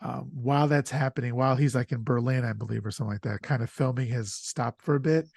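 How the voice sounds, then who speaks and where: A man hosting a podcast chat, talking in an excitable, loose way, dropping swear words and plenty of ums and restarts. His voice sits at an everyday middle pitch. The sound is dry and close, with no room echo. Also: quick pace, gravelly. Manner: excitable, profane storytelling with lots of fillers. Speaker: podcast host. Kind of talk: casual chat.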